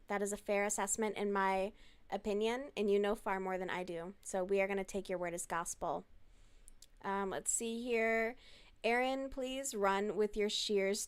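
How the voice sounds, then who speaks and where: A woman chats casually on a home live stream, answering messages from chat. Her voice is smooth and clear, sitting at an ordinary middle pitch. She talks loosely and swears freely.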